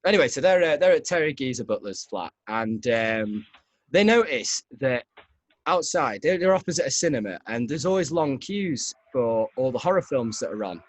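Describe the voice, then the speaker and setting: A man's voice: medium pitch, lively intonation, normal speed, no room sound. Brief: male podcast host, rambling storyteller, dry close sound. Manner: rambling, laughing. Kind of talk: casual storytelling chat.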